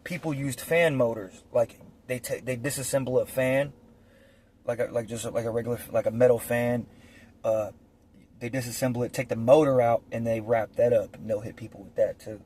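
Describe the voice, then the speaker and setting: A man with a medium-pitched, slightly mellow voice tells prison stories at a fairly quick pace with fairly even intonation. His casual phone-recorded monologue is blunt, profane and rambling, packed with fillers. A little hiss or hum sits under the recording.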